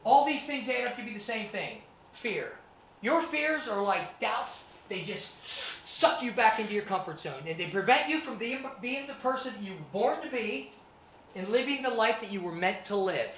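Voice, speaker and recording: A man's voice: high-pitched, normal speed, a little hiss or hum. A man giving a motivational talk to students, telling his life story and acting out scenes. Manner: animated, acts out scenes. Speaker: guest speaker. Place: presentation room with students. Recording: echoey room, mic at a distance.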